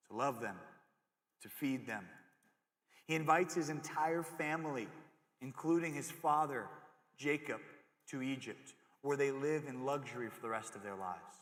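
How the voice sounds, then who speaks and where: A young man giving a jokey, animated chapel sermon to middle schoolers, often acting out voices as he goes. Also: mid-range voice. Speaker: youth pastor. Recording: echoey hall with long reverb.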